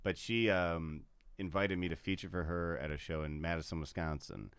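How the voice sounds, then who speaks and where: A comedian guest with a low, smooth, clear voice recounts a bad gig in loose podcast chat. He swears freely, laughs through his own story and drops into other people's voices for quoted lines. The sound is dry and close. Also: fairly even intonation, moderate pace, fairly bright tone, no echo. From Chicago area.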